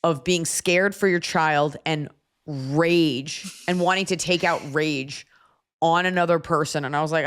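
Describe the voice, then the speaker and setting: A woman hosting a podcast, telling a story in a casual, animated way with profane asides. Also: low voice, brisk. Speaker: podcast host.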